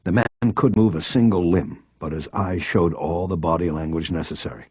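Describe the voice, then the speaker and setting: A man reading a crime thriller aloud in measured first-person narration. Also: sits low, steady tone, breathy edge, dry recording, highs cut off. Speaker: audiobook narrator.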